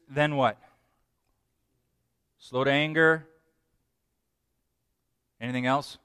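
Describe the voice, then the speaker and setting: A man preaching a sermon in an animated way, asking the congregation questions. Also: medium pitch, unhurried, pauses often, clear, resonant tone, no room sound, clean studio sound. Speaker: pastor.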